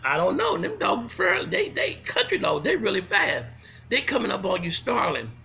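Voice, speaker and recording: A man telling comic stories in a folksy, animated way, swinging from loud to hushed. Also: sits high, normal speed, gravelly, breathy edge. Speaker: storyteller. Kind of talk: comic storytelling monologue.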